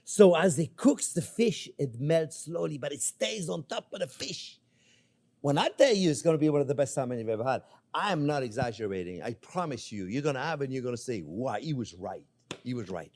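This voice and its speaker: A man's voice: fairly high pitch, animated, fairly quick, a little mellow. An older man hosting a cooking show, chatting playfully with viewers as he cooks. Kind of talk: casual cooking demonstration.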